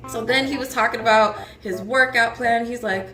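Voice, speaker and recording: A woman's voice: a little high, moderate pace. A young woman guest on a talk show, telling a dating story in casual chat, swearing freely and laughing as she goes. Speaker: podcast guest. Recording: roomy echo with music behind.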